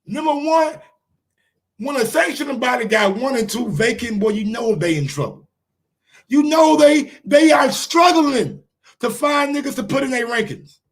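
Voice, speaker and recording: A man's voice: extremely high pitch, moderate pace. A man with a New York accent hosting a casual live-stream sports show, ranting and firing rhetorical questions at his viewers. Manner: animated, ranting, asks the chat rhetorical questions.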